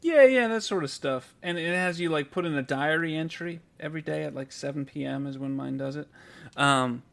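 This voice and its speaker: A man's voice: a little high, a little fast, gravelly, fairly bright tone. A man co-hosting a podcast, telling a story in casual chat, acting out the people he quotes and swearing freely. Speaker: podcast co-host.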